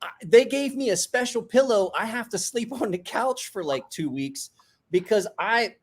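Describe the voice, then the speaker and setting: A middle-aged man from a small rural town, hosting and telling profane, animated stories in casual chat. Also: high-pitched, moderate pace, husky. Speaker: host.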